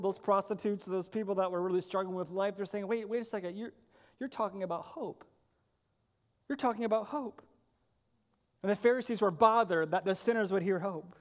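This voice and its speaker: Brief: male pastor, high voice, earnest emphatic sermon, rhetorical questions, long hall reverb.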